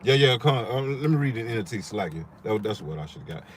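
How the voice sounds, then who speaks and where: A man reading scripture aloud and commenting on it in an emphatic, preachy, profane way, slowing down for the verses. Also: lowish voice, lively intonation, a little hiss or hum.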